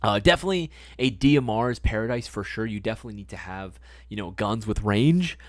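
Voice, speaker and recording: A man's voice: lowish voice, expressive, fairly quick, dry recording. A young man hosting a live stream, answering chat questions in a laid-back, slangy way, swearing now and then and repeating his phrases. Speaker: livestream host answering chat.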